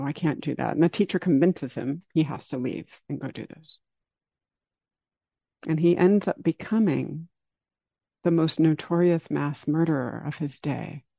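A man giving a dharma talk, telling a story in a calm, unhurried way and slowing down for emphasis. It is a dull lo-fi recording. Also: fairly high pitch, vocal fry, no room sound. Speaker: meditation teacher.

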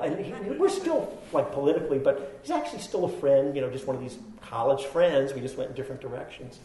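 A man's voice: mid-range voice, animated, a little fast, warm tone, reverberant, low-quality recording. A man giving a dharma talk, telling a self-deprecating personal story with laughs and then teaching. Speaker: meditation teacher.

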